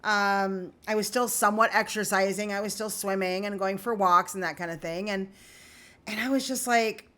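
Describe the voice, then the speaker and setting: A woman's voice: mid-range voice, steady tone, normal speed, fairly bright tone. A woman vlogging candidly to her viewers in an earnest, confessional way on an emotional day. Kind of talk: candid personal vlog.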